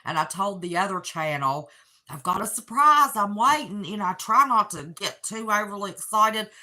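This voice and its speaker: A woman's voice: mid-range voice, lively intonation, normal speed, sharp tone. A woman, chatting emotionally with viewers on her livestream. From West Virginia. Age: 60s. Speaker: channel host. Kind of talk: casual livestream chat. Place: apartment.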